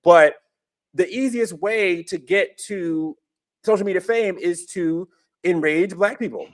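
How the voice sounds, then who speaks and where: A man's voice: sits high, a little slow. A man hosting a podcast in casual commentary, emphatic and repeating his phrases. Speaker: podcast host.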